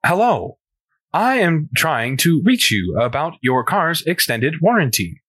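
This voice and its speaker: A man voicing a snarky, newly made male robot who speaks slowly and formally, like a telemarketer. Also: on the high side, big pitch swings, fairly bright tone, husky, dry recording, full character voice. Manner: slow, formal, telemarketer-like delivery. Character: snarky newborn male robot, stiffly polite.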